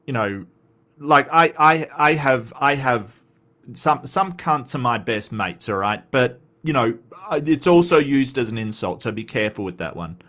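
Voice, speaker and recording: Sweary Australian man, lively pitch. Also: normal speed. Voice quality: sweary, blunt, rambling with restarts. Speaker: commentary host. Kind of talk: casual reaction commentary, reading chat.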